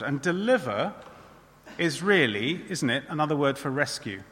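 A man's voice: a little high, big pitch swings, normal speed, a bit bright, big-room sound. A man preaching a sermon in a church in a conversational way, often adding tag questions.

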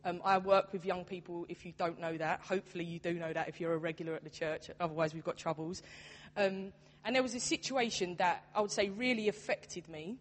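A woman's voice: lowish voice, fairly even intonation, brisk. A young adult woman, a church youth worker, preaching a sermon in an earnest, conversational way. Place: church hall. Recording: long hall reverb.

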